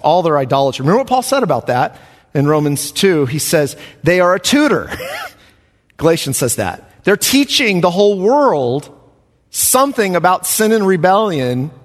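A man preaching a Bible study sermon, emphatic and animated, chuckling between points. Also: on the high side. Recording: long hall reverb.

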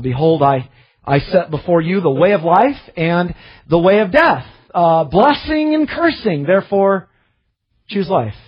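A man's voice: high-pitched, slightly rough, highs cut off. A man preaching a sermon in an earnest, self-searching way, often restarting his phrases.

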